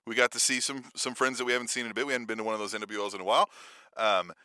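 A man co-hosts a podcast in animated, profane, casual conversation, often tagging his points with "right?" He talks rapid-fire in a lowish voice, recorded with clean studio sound and no echo.

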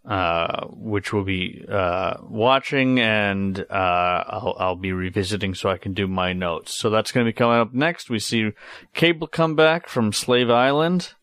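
A man co-hosting a podcast in casual review chat, halting with many fillers. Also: lowish voice, a bit bright, clean tone, no room sound, clean studio sound. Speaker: podcast co-host.

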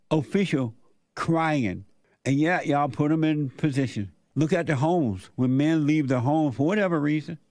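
A man's voice: a little high, a little mellow, no room sound. An older man hosting a radio talk show, preaching his opinions in an emphatic, repetitive way.

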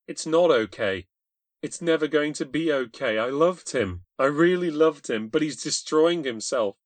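Distraught grieving young woman in an audio ghost story, voiced by a male narrator, pitched well up, tearful. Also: normal speed, no echo, natural voice. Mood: pleading. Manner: pleading, tearful.

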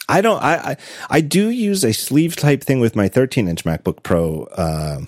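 A middle-aged man talking in a casual podcast chat, animated and laughing often, with halting restarts. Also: medium pitch, no echo, clean studio sound. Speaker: podcast guest.

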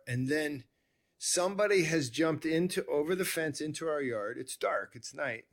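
A man hosting a conversation, telling a personal story in a rambling, animated way with many restarts. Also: a little high, moderate pace. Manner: rambling, self-interrupting, animated. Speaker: podcast host.

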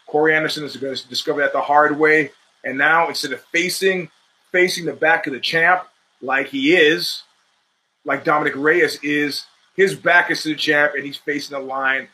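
A man's voice: on the high side, fairly even intonation, moderate pace, pushed and bright, rough recording. A man hosting his own show, talking through fight predictions in a rambling, opinionated, profane monologue. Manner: rambling, opinionated, restarts mid-sentence; profane, streetwise talk. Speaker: podcast host. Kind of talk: casual sports commentary monologue.

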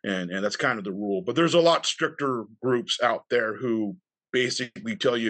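A man's voice: medium pitch, moderate pace, fairly bright tone, dry recording. A man in his fifties, a podcast guest in casual talk, who often stammers, repeats words and laughs as he speaks. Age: 50s. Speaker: reenactment group leader, podcast guest. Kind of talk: casual interview chat.

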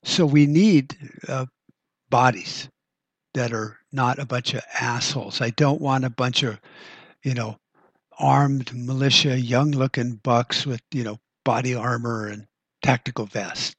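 A man's voice: mid-range voice, steady tone, unhurried, breathy edge, no echo. A middle-aged man hosting a podcast, talking in a blunt, profane, rambling way full of fillers. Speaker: podcast host. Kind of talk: casual political monologue.

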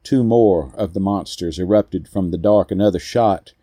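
A man narrating a first-person story in a slow, deliberate way with weighty pauses. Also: sits low, warm tone, husky, no echo, clean studio sound.

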